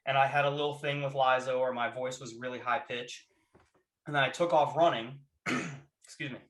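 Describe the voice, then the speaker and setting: A man chatting casually on a podcast, telling stories with lively energy and shouting out the lines he quotes. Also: mid-range voice, normal speed. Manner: animated storyteller who shouts out quoted lines. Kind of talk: casual chat, reminiscing.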